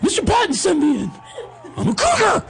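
A man doing a squeaky overeager teen football player. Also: huge pitch swings, fairly quick, gravelly, full character voice. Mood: frantic eager. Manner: shrill and overeager, yelping. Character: skinny eager teenage boy football player, squeaky.

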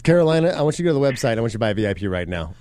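Joking male radio host, lively voice. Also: mid-range voice, racing. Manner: teasing, joking, sings along. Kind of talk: casual radio banter. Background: music.

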